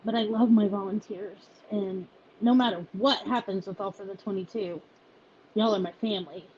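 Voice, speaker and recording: Emotional woman, halting and teary. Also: medium pitch, fairly even intonation, darkish tone, dull audio. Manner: halting, teary, many restarts. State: emotional, close to tears. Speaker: founder of a volunteer group. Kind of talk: emotional personal video message.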